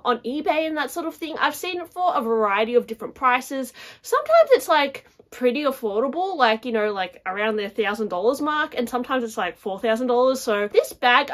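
A young woman vlogging about handbags in casual chat to camera, chatty and full of "like" and "guys". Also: high-pitched. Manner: chatty, fills talk with "like" and "guys".

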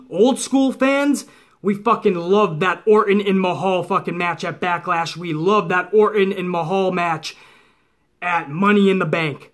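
A man's voice: high-pitched, fairly bright tone. A middle-aged man ranting heatedly as a wrestling commentator, profane and mocking.

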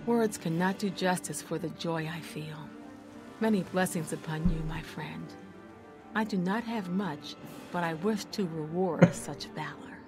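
A woman's voice: fairly low pitch, measured pace. A woman voicing a grateful, humble townswoman in a video game, speaking in a formal, old-fashioned way. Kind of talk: video game character dialogue. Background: game music.

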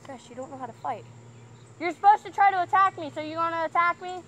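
A woman's voice: very high-pitched, animated, fast talker, fairly bright tone. A young woman vlogging at home in a casual, playful, teasing way. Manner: playful, teasing trash talk. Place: house, indoors and outside.

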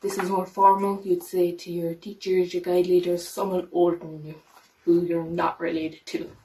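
A woman guide leader teaching simple phrases to children, saying each one slowly and repeating it carefully. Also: fairly low pitch, little pitch movement, warm tone. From Ireland. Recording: voice a little far from the mic, faint noise.

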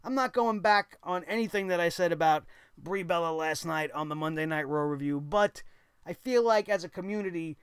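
A man's voice: fairly high pitch, normal speed, clear, resonant tone, dry recording, studio quality. A man hosting a wrestling review show, giving blunt, opinionated commentary with casual swearing.

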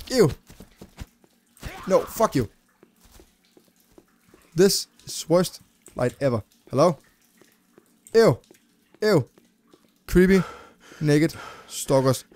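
A man's voice: fairly high pitch, darkish tone, a little hiss or hum. A man giving crude, jumpy commentary while playing a game, with constant squeamish reactions and swearing. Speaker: let's play gamer. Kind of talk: gameplay commentary.

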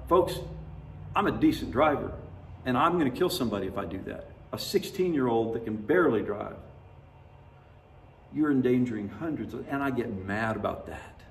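Pastor, male, folksy conversational sermon delivery, mid-pitched, recorded at a distance in an echoey church. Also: slight background noise. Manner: conversational, folksy storytelling preaching with laughter. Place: church sanctuary. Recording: roomy, distant church mic.

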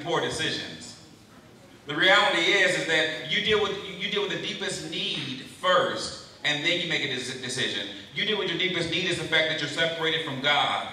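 Bright-voiced man preaching in an echoey hall. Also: on the high side, slight background noise. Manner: lively, calls out questions to the crowd. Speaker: camp speaker. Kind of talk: youth sermon. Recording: very echoey hall, mic far off.

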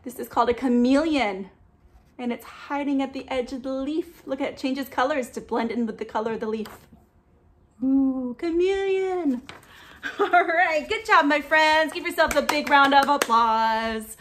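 A young woman leading a children's museum storytime, gentle and animated, with frequent gasps and sing-song prompts to the little ones. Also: high voice, normal speed.

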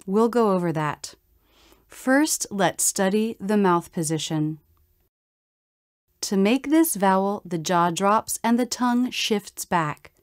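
A woman explains mouth positions at a deliberately slow pace, pausing to model each vowel. Her voice sits at an ordinary pitch. The sound is dry and close, with no room around it. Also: darkish tone, no echo. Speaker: pronunciation teacher. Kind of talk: scripted instructional narration.

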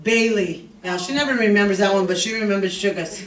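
An older man preaching a sermon as a pastor, fervent and rising to shouts, with joking asides. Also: high-pitched, a little fast. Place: church sanctuary. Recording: echoey, distant room recording.

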